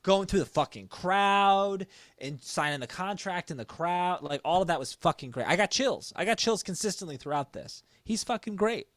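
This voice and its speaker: A man's voice: high-pitched, expressive, normal speed, fairly bright tone, dry recording, clean studio sound. Laid-back man giving wrestling opinions. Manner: laid-back, swears casually, laughs along. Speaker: podcast co-host. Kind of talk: casual wrestling recap chat.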